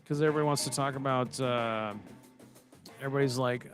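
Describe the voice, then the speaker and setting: A man's voice: medium pitch, fairly even intonation, fairly quick, clean tone, soft background music. A man co-hosting a podcast, chatting casually about baseball and movies in a loose, rambling way. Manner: rambling, laid-back, swears casually. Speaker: podcast co-host. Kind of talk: casual chat.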